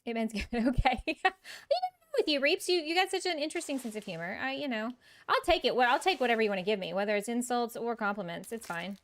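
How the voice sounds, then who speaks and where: A woman's slightly high, somewhat bright voice moves at a quick pace and sounds expressive. She streams a game and chats casually with viewers, chatty, self-mocking, and laughing frequently.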